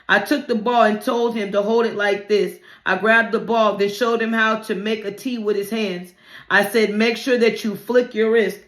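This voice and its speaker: Female author, mid-pitched voice, reads her memoir in an easygoing storytelling way, slight restarts; roomy echo on the recording. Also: fairly bright tone. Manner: plain conversational reading with restarts and slips. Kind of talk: memoir narration, read aloud. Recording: roomy, echoey room.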